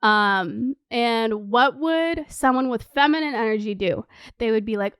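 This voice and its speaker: A young woman in her twenties chatting excitedly to camera as a vlogger, swearing freely. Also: fairly high pitch, measured pace, smooth, no echo, studio quality. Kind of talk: casual chat to camera.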